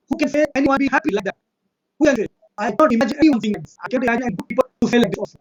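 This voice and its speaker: A man with an Indian accent arguing in a fast, insistent debate monologue, citing verses and repeating his points. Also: high-pitched, low-quality recording. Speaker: religious debater.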